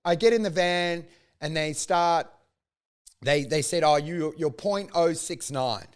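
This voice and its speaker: A man's voice: a little high, measured pace, smooth. A man telling a story in casual chat, acting out each line he quotes. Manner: animated anecdote teller, acts out quotes.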